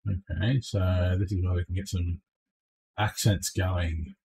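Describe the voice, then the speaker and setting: A man's voice: deep voice, fairly even intonation, a little slow, creaky, noisy background. A man chatting casually while he plays a game on stream, joking along and often ending lines with a questioning "eh?". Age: adult. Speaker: streamer playing a space game. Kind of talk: casual gameplay commentary.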